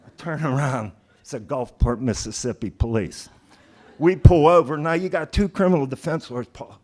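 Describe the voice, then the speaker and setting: A man's voice: a little high, a little mellow. A man telling a personal story live on a theater stage in a casual, conversational way. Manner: casual, conversational, quick asides.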